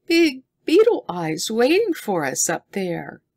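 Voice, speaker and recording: A woman reading an audiobook voices a frightened, dignified young jungle girl who speaks in high, breathless cries. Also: very animated, unhurried, a little mellow.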